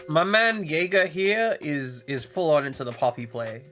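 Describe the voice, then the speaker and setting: A man's voice: on the high side, very animated, moderate pace, fairly bright tone, faint music behind. A man streaming a game in casual chat, joking and swearing and often repeating his words as he talks.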